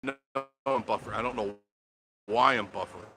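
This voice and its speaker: A man's voice: lowish voice, fairly quick, rough recording. An older man hosting a casual live stream outdoors on his phone, greeting viewers by name as he chats. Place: outdoors by a roadside attraction. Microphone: phone held for a live stream.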